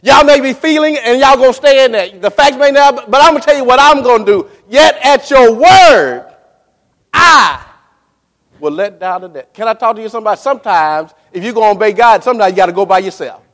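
A man preaching a sermon with fervor, pausing for effect, repeating himself for emphasis and calling on his congregation to follow along. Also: very high voice, a bit bright. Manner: dramatic pauses and emphatic repetition. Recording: long reverb in a large hall.

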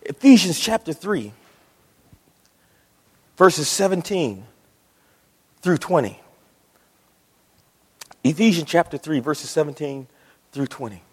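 A man preaching a sermon in a church, dramatic, dropping to a hush and rising to shouts. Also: on the high side, expressive, slow pace, long pauses, breathy edge, long reverb tail. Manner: dramatic, swings between hushed and shouting. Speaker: pastor.

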